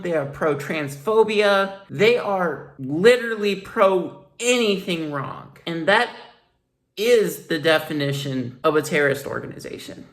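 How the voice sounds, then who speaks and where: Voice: mid-range voice, a bit bright. Blunt, rambling vlogger voice. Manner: rambling, upset and blunt, with swearing. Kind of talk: personal commentary monologue.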